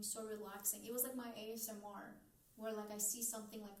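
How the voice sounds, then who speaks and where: A woman's voice: on the high side, distant mic. A woman in her twenties, co-hosting a podcast in casual, rambling chat full of "like". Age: 20s. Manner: rambling, heavy use of "like". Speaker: podcast co-host. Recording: faint, echoey, mic off.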